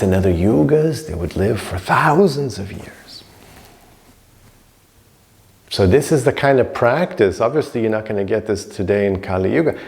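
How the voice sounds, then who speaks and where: A man's voice: fairly low pitch, gravelly, a little mellow. A man teaching a recorded class on yoga scripture in a loose, conversational way, acting out stories as he goes. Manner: loose and conversational, acts out stories, many "you know"s. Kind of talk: informal recorded class lecture.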